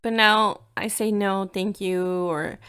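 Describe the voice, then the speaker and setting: A woman in her thirties from the United States talks through her own podcast in a relaxed, chatty way. She leans on "like" and drops Spanish phrases into her English as she tells stories. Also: mid-range voice, slow, clear, resonant tone. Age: 30s. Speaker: podcast host. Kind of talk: casual solo podcast storytelling.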